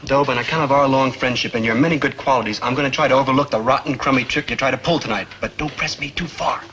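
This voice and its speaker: A young actor playing a lazy, loyal beatnik in a sitcom who talks in beatnik slang with a whiny, pleading tone. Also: male voice, medium pitch, fast, background noise, lightly acted. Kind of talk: sitcom acting.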